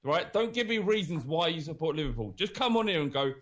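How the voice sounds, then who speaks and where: A man's voice: fairly high pitch, expressive, quick pace, fairly bright tone. A man co-hosting a casual podcast, ranting emphatically, repeating himself and swearing. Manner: emphatic, repetitive, swearing rants. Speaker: podcast co-host. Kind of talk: casual banter.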